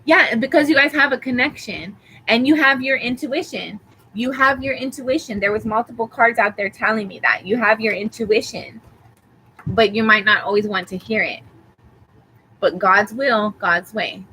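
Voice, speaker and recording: A woman giving a tarot reading, calmly reassuring the listener with affirmations and rambling a little as she talks. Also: fairly high pitch, normal speed, slight background noise, rough recording. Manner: rambling, with fillers and restarts. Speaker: tarot reader. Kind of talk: live tarot reading for a viewer.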